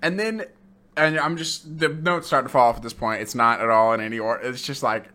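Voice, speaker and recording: A man's voice: medium pitch, fairly quick, sharp tone. A young man co-hosting a podcast, recapping freely with lots of swearing and acting out quoted lines. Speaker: podcast co-host. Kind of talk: casual chat.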